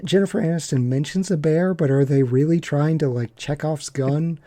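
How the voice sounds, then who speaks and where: Mellow-voiced man giving film opinions. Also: a little high, normal speed. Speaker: podcast co-host. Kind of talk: casual movie discussion.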